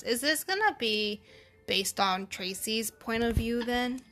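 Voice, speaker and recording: Bright-voiced chatty woman streamer. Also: on the high side, animated, slow pace, soft background music. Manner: chatty, laughs often, thinks aloud with restarts. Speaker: game streamer. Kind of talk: game stream with reading and commentary.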